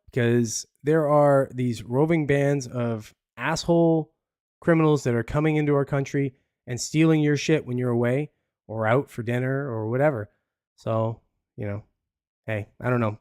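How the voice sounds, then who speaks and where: A man's voice: mid-range voice, a little mellow, no room sound, studio quality. A man hosting a live podcast, commenting in a casual, rambling, profane way with frequent laughs. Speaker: podcast host.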